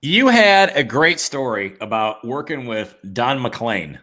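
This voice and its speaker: A man's voice: mid-range voice, sing-song, slow pace, pushed and bright. A man hosting a casual interview podcast, talking conversationally with frequent "I mean" and agreeing asides. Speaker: podcast host.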